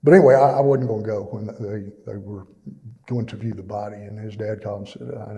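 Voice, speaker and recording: A man's voice: fairly low pitch, steady tone, fairly quick, vocal fry, dark tone. A middle-aged man giving a plainspoken, emotional personal testimony at a church, with many fillers. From East Texas. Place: church fellowship hall. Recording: long reverb in a church hall.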